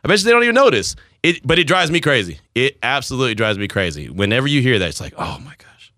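Male radio host, rambling story, bright tone, lively delivery. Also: mid-range voice, fast, no room sound, studio quality. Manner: animated storytelling, rambling, laughs at himself. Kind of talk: casual on-air banter.

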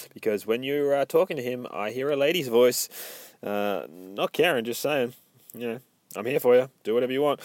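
A man's voice: on the low side, dry recording. Profane rambling guy. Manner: profane, digressive, joking. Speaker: comic book reviewer. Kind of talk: casual rambling recap.

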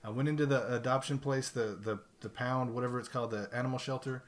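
A man casually telling a profane, animated story in a chat, laughing along as he goes. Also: mid-range voice, fast talker.

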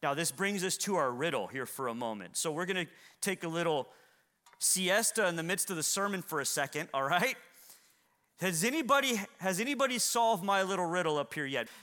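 A man preaching a sermon to a church congregation, swinging from near-shouts down to low, quiet lines. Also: lively intonation, brisk. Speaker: pastor.

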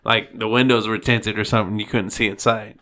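A man chatting casually on a podcast, laid-back and quick to laugh. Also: lowish voice, level tone, bright, forceful tone. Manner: laid-back, laughs easily, short reactions. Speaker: podcast co-host. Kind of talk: casual chat.

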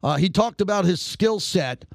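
A middle-aged man hosts a call-in sports radio show with a high voice that leaps even higher when he gets fired up. He rants at his listeners from a dry, close studio microphone. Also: normal speed, gravelly, dry recording. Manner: animated, ranting, pitch shooting up when worked up.

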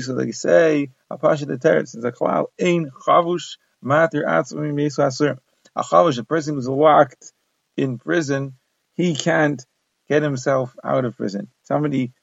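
Gravelly man teaching Talmud. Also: a little high, no room sound. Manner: translating Aramaic phrase by phrase into English. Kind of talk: daf yomi Talmud lesson. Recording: dull lo-fi dry recording.

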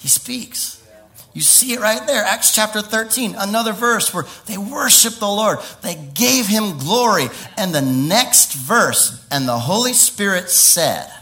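A man preaching a lively sermon, laughing often, with sudden high exclamations and quiet stretches. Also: measured pace.

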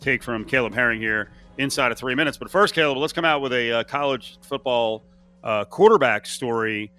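A male sports radio host with a bright, forceful voice. He tells stories with animated energy and jumps back to restart his thoughts. Faint music sits under him. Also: medium pitch. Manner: animated storyteller with quick restarts. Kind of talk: casual sports talk.

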